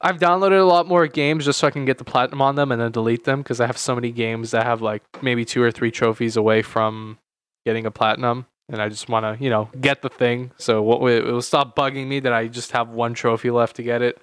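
A man's voice: medium pitch, steady tone, fairly quick, fairly bright tone, clear, resonant tone, dry recording. A young man in his late teens, co-hosting a casual chat podcast, rambling with lots of fillers and repeated words. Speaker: podcast co-host.

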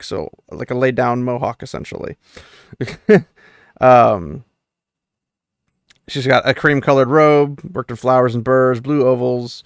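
Guy with a gravelly voice rambling through a book recap, dry close sound. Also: mid-range voice, no echo. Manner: rambling, many fillers, light quoting of characters. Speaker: book discussion host. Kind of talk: casual chapter recap and commentary.

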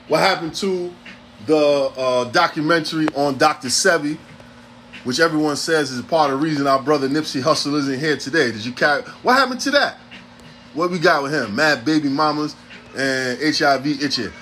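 A man's voice: on the high side, normal speed, sharp tone, slight background noise. A man, hosting a podcast in a blunt, profane, streetwise ranting monologue. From New York City. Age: 40s. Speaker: podcast host.

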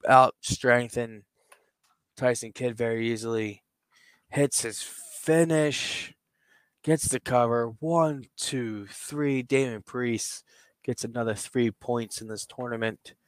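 A man's voice: medium pitch, a bit bright. A man hosting a podcast, casually narrating a toy wrestling storyline play by play. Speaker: podcast host.

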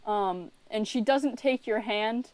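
A woman's voice: fairly high pitch, slow pace, a little mellow, clean tone, dry recording. A woman acting as game master, narrating a tabletop game with playful, laughing asides.

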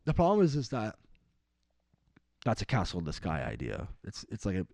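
A man's voice: lowish voice, huge pitch swings, moderate pace, creaky, a little mellow, no room sound, studio quality. A young man co-hosting a podcast, rambling through political chat with plenty of swearing and sudden jumps into mocking voices. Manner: rambling, profane, mimics other people in raised voices. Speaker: podcast co-host.

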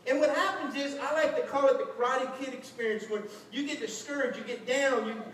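A man preaching a lively sermon as a pastor, acting out quotes with shouts and laughter. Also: very high voice, a little fast. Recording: echoey hall, distant mic, faint noise.

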